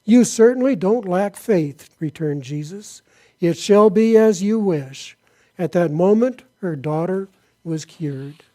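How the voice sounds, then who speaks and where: A man's voice: high-pitched, lively intonation, slow pace, mellow. A man preaching a sermon, reading Bible passages aloud and then asking his listeners questions. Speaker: pastor.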